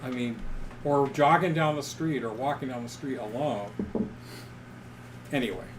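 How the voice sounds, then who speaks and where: A man's voice: mid-range voice, moderate pace, slight background noise, poor audio. Wry, exasperated man in a chat. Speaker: podcast co-host. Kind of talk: casual chat.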